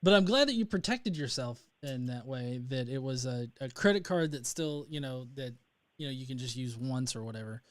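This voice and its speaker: In an expressive mid-range voice at a normal pace, a young North Alabama man hosts a laid-back livestream. He tends to ramble, with many fillers and restarts along the way.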